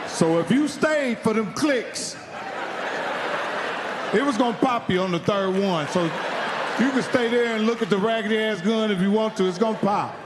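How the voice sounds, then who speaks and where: A man's voice: high-pitched, normal speed, big-room sound, crowd noise, background noise. A man from Indiana doing stand-up, telling a profane story and acting out the other people in it. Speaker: stand-up comedian. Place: live comedy venue.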